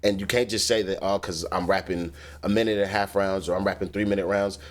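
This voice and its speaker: Man, low voice, reaction host, casual analytical commentary, filler-heavy. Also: fairly even intonation, fast talker. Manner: analytical, loose, lots of fillers.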